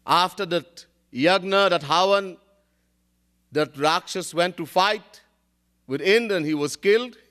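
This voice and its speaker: A man's voice: sits high, measured pace, fairly bright tone. A man, a spiritual teacher giving a devotional discourse, telling stories, chanting Sanskrit verses and often laughing.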